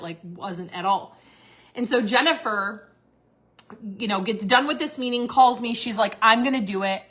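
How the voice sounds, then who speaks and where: A woman in her thirties telling a personal story to her viewers in a candid, casual way. She swears freely, fills her talk with "like", and gets worked up as she goes. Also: a little high. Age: 30s. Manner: candid, swearing, says "like" constantly; grows agitated and loud. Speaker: vlogger.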